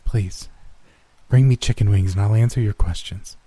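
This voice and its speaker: A man's voice: lowish voice, moderate pace, dark tone, slightly rough, no echo. A man voicing an exhausted eight-year-old girl with a faint German accent, straining and pleading as she speaks. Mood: weary pleading. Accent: German hint. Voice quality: tired, strained on every word. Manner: urgent, pleading.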